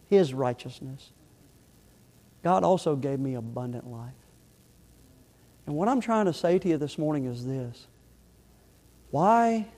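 A middle-aged man preaches from the pulpit with fervor, his voice pitched high and swinging from loud to hushed. The church has a long, ringing reverb. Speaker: pastor. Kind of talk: sermon. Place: church sanctuary.

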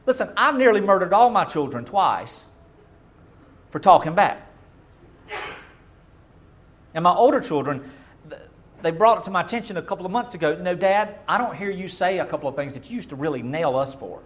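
A middle-aged pastor delivers a sermon in a fairly high voice for a man. He preaches emphatically, jumping from loud, punchy lines down to soft, murmured asides. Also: expressive, moderate pace, long pauses.

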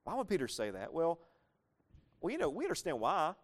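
A man preaching a sermon, lively and conversational, asking his listeners questions and acting out the lines he quotes. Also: on the high side, a little fast. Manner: animated, asks the congregation questions, acts out quoted lines. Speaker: pastor.

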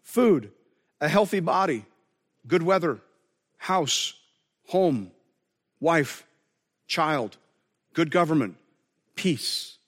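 A man's voice: on the high side, lively intonation, extremely slow, pauses often, a bit bright, big-room sound. A man preaching a sermon as pastor, earnest and conversational, often restarting his phrases.

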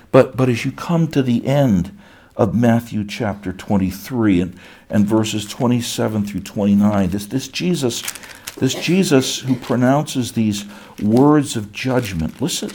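Slow, low-voiced preaching man. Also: dark tone, breathy edge. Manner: earnest preaching, repeating words as he builds. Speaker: pastor. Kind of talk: sermon.

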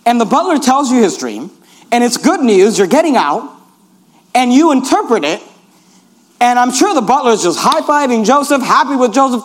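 A man's voice: extremely high pitch, animated, brisk. A man preaching a sermon in an earnest, emphatic way, urging listeners again and again to notice each point.

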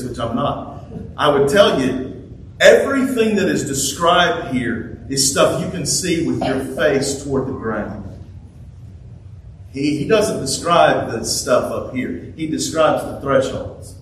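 A man preaching a sermon, slow and deliberate, stressing words through repetition. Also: mid-range voice, lively intonation, fairly bright tone. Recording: echoey room, speaker far from mic, faint noise.

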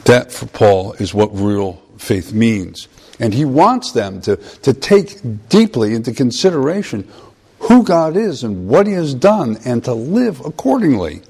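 A man preaching a conversational sermon, often pausing and restarting phrases. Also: medium pitch, very animated, gravelly, dark tone, husky.

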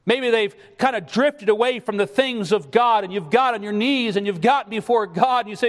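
A man's voice: very high voice, normal speed, hardly any pauses. A middle-aged man preaching a sermon, pleading and emphatic, his voice rising in fervent bursts. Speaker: pastor. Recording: long reverb of a hall.

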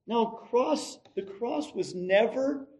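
A middle-aged man preaching a sermon as pastor, telling stories with animation and moving between loud emphasis and quiet asides. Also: extremely high pitch, lively intonation, takes it slowly, rough recording.

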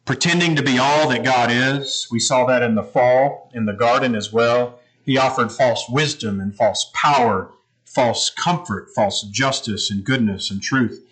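Man, pastor, conversational sermon, explains scripture, mid-pitched voice. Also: a little slow, a bit bright, poor audio.

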